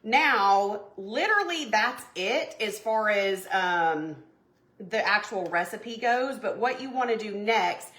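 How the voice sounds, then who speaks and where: Bright chatty woman baking. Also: medium pitch, lively intonation, slow pace, roomy sound. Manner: chatty, flustered, talks to viewers as y'all. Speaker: home baking vlogger. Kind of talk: casual chatty cooking livestream. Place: home kitchen.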